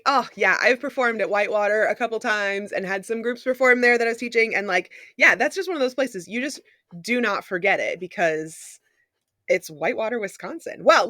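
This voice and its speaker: A woman's voice: fairly high pitch, bright, forceful tone, dry recording, studio quality. A woman co-hosting a casual podcast, a marching arts instructor who chats and says "like" often. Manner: chatty, says 'like' often.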